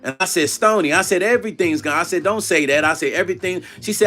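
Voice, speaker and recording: A middle-aged man talks through a live stream, retelling phone calls line by line and greeting viewers. His voice is bright and sits a little high for a man. Faint music runs under him. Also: quick pace, few pauses. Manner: reads viewer chat aloud and retells calls in quoted dialogue. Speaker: vlog host. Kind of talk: casual livestream storytelling.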